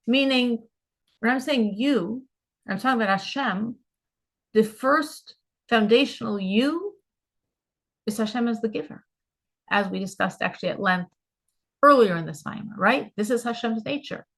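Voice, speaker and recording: Bright-voiced woman teaching a Chassidic class. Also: on the high side, normal speed, long pauses. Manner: earnest, explanatory, repeats key terms. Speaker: Torah teacher.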